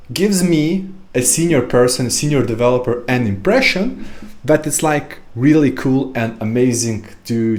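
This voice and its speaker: A man's voice: mid-range voice, darkish tone. A man hosting a podcast in a casual monologue, sarcastic and rambling with many fillers. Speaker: podcast host.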